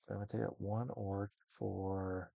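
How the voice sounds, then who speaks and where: Deep gravelly man musing over a match. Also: level tone, normal speed, warm tone, dry recording, highs cut off. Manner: musing, thinks aloud with many maybes. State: yawning, tired. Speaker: commentator. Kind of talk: casual match commentary.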